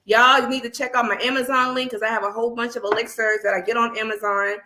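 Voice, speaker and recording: A woman's voice: a little high, little pitch movement, quick pace, background noise. A woman hosting a spiritual livestream, stuffy and nasal from a cold, preaching to her viewers in a rallying way and calling them family. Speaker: spiritual channel host. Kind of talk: livestream talk to viewers in chat.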